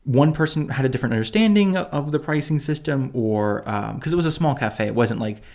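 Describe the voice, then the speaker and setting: A man's voice: mid-range voice, animated, brisk, darkish tone. A young man co-hosting a casual chat, rambling with many restarts and fillers. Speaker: podcast co-host.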